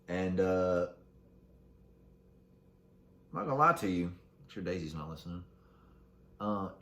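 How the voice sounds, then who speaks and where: Low-voiced man joking in an echoey room. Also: a little slow, long pauses. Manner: crude joking while reading facts aloud. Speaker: podcast host. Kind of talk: casual solo podcast chat.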